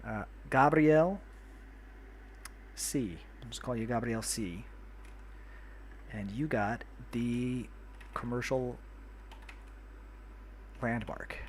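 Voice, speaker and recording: Dude from new york, chatty livestream host talking to chat, middle pitched voice. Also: male voice, drawn-out words, long pauses, slight background noise. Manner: chatty, friendly, greets and thanks viewers by name. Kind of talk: casual livestream chat while playing a city builder.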